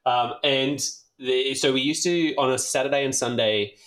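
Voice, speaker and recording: An Australian man telling a rambling, animated story in casual chat, swearing freely and leaning on fillers. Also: mid-range voice, moderate pace. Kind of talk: casual anecdote.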